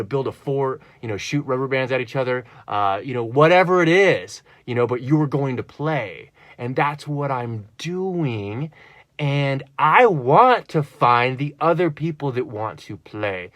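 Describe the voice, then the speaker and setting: A man's voice: medium pitch, a bit bright, dry recording. A man talking in a rambling personal monologue, earnest and full of fillers and restarts. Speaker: vlogger.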